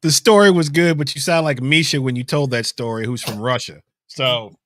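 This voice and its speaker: A man co-hosting a casual podcast, talking in a relaxed, rambling way with many fillers. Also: mid-range voice, moderate pace, slight background noise. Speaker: podcast co-host, musician. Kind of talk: casual chat.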